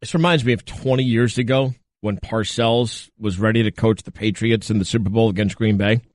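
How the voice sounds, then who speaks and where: A man's voice: on the low side, brisk, darkish tone, dry recording. A man co-hosting a sports talk radio show in a studio, easygoing and teasing. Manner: easygoing, teasing, laughs along. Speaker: radio co-host. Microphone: close studio mic.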